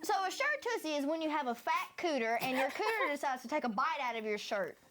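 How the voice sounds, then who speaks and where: Animated, rambling country-twang woman. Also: high-pitched, fast talker, background noise. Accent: Southern US country twang. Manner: rambling, animated storytelling with crude humor. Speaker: podcast host. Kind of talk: casual podcast chat.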